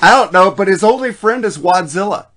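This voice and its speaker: High-voiced joking podcast host man. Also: animated, a little fast, heavy background noise. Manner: joking, profane, laughs often. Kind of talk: casual podcast chat.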